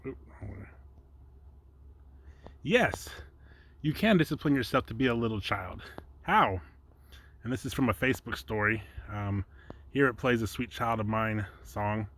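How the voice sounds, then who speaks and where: A man's voice: fairly low pitch, expressive, unhurried, long pauses, fairly bright tone. Chatty man giving a casual Bible teaching. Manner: chatty and rambling, chuckles often. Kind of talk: casual home teaching with slides.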